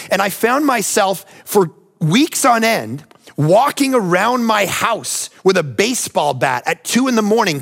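A man's voice: high-pitched, creaky, a bit bright. A man preaching a sermon, telling personal stories in a conversational, emphatic way and often turning to address his listeners directly. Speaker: pastor.

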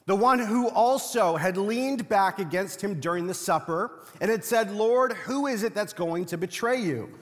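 A man's voice: high voice, moderate pace, few pauses, long reverb tail. A young man preaching a sermon as pastor, talking in a loose, funny storytelling way. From Latino family. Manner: conversational, humorous storytelling preacher.

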